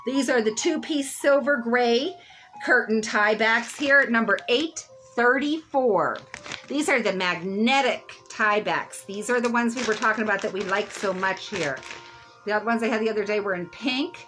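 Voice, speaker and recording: A middle-aged woman runs a live selling stream, her voice a touch high. She rambles on and laughs at her own jokes. Faint music plays behind her. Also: normal speed, sharp tone, rough recording. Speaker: live sale host.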